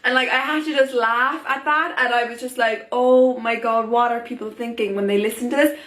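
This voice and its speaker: A chatty young woman vlogging her opinions straight to camera, animated and quick to say "oh my god". Her voice sits a little high and sounds bright and forward. The room around her rings with a noticeable echo. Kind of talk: casual opinion vlog to camera.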